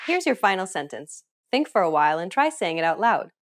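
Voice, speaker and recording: A woman's voice: mid-range voice, very animated, fairly quick. A woman narrating a scripted language lesson in an upbeat, encouraging way. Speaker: language teacher.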